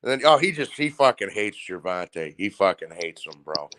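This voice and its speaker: A man's voice: deep voice, moderate pace, crowd noise. A man hosting a casual boxing chat stream, rambling and swearing with lots of energy. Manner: profane, rambling, animated. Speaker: stream host.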